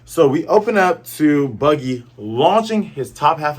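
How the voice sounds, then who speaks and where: A young man hosts a manga review, casually recapping a chapter and voicing the characters' lines in quick, playful impressions. His pitch is fairly high and his intonation lively.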